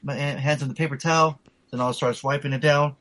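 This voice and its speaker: A man's voice: a little high, fairly even intonation, fast, a bit bright, low-quality recording. A man telling a rambling, profanity-laced story in casual chat, full of fillers.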